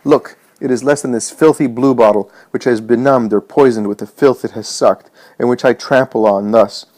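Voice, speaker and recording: A man's voice: mid-range voice, fairly even intonation, moderate pace, a little mellow, dry recording, lightly acted. A man reading as fervent grieving woman Mary. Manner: impassioned, exhorting.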